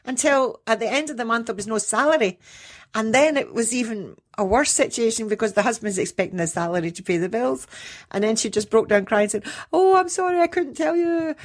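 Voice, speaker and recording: A middle-aged woman, a menopause coach and podcast guest, telling stories in a lively way, acting out what people said and laughing often. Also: fairly high pitch, a little fast. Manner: animated storyteller who acts out quotes and laughs often. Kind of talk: casual interview chat.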